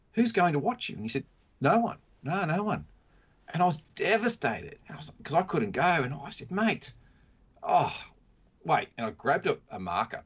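A man's voice: mid-range voice, slightly rough. A man, a mindset consultant, telling a story in casual conversation and acting out the quotes in a raised voice. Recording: dull lo-fi sound.

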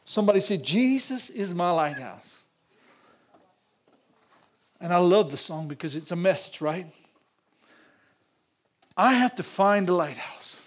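An older man preaching in a church, emotional, repeating phrases and rising to loud peaks. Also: high voice, lively intonation, a little slow, long pauses. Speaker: pastor. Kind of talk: sermon.

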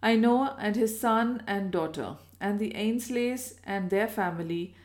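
A woman's voice: medium pitch, a little slow, natural voice. A woman reading aloud and voicing a chatty, solicitous hostess who fusses over her guest.

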